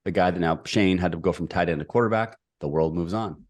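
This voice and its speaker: A middle-aged man telling a personal story as a podcast guest, energetic and emphatic. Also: low-pitched, fast talker. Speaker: podcast guest, executive coach.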